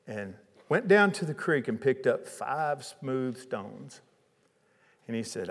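A man preaching a sermon, retelling a Bible story in a casual, lively way with chatty asides. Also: mid-range voice, slow, creaky, long reverb tail.

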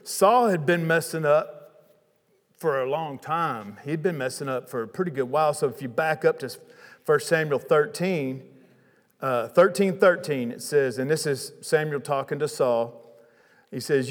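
A man preaching a sermon, retelling a Bible story in a casual, lively way with chatty asides. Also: fairly high pitch, a little slow, in a large hall.

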